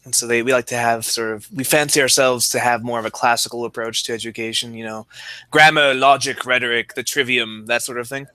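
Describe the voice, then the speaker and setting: A man's voice: mid-range voice, fairly even intonation, brisk, bright, forceful tone, clean tone, no echo. A young man co-hosting a podcast with dry, wry humor, who also reads passages aloud. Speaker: podcast co-host and teacher. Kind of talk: casual chat, reading aloud.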